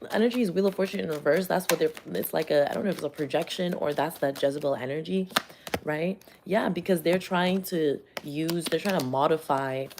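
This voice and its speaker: Low-voiced woman ranting casually. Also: brisk, background noise. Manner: rambling, profane, animated storytelling. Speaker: tarot vlogger. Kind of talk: casual chat.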